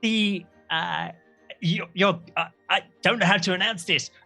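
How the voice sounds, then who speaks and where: A male game master narrating a tabletop game. His voice is gravelly and bright, a bit husky, and his pitch moves a lot. He talks in halting stops and starts. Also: soft background music.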